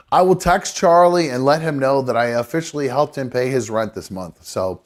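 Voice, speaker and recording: A man's voice: medium pitch, normal speed. A man hosting a live call-in show, talking casually with lots of swearing and restarts. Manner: profane, rambling, with restarts.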